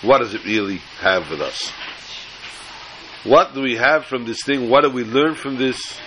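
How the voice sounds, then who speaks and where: A man's voice: medium pitch, moderate pace, sharp tone, a little hiss or hum, low-quality recording. A man teaching a Torah class, telling a long joke in a chatty, joking way and often repeating words. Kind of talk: storytelling lecture.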